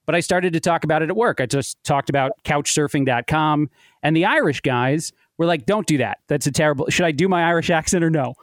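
A man's voice: on the high side, fairly quick, dry recording, studio quality. A man in his thirties, a podcast guest, telling a long personal story in a chatty way and laughing at his own tale. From United States. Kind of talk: casual storytelling.

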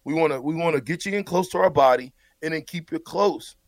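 A man's voice: a little high, fairly quick, no echo. A man, a former player, breaking down a football game in blunt, emphatic casual talk, often stumbling over repeated words.

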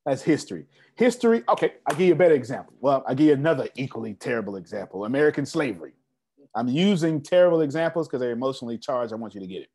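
A man's voice: mid-range voice, expressive, rapid-fire, warm tone, breathy edge. A man giving a business seminar to a live audience, emphatic and repetitive, often asking the crowd rhetorical questions. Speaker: business coach.

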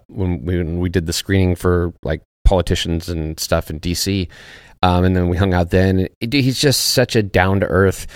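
Brief: very low male voice, easygoing and profane guest, dry close mic. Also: darkish tone, dry recording. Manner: laid-back and profane, searching for words. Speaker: podcast guest, actor and former soldier. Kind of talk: casual podcast chat.

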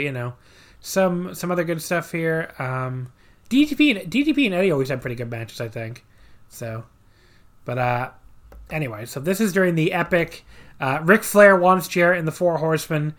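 A podcast host chatting casually through a wrestling match recap, full of sarcastic asides and filler words. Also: male voice, a little high, expressive, moderate pace. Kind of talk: casual wrestling review chat.

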